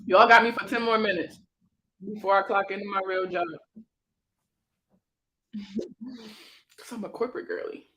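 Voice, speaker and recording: A woman's voice: mid-range voice, fairly even intonation, moderate pace, long pauses, fairly bright tone, poor audio. A woman in her thirties with a Prince George's County, Maryland accent, hosting a casual credit advice livestream, chatty and joking with frequent laughter. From Maryland, USA.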